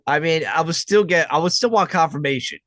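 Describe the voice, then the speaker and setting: A man's voice: a little high, fairly quick, a bit bright, dry recording, studio quality. A man co-hosting a podcast, reminiscing in a rambling, profane, casual way full of fillers. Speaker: podcast co-host. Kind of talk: casual chat.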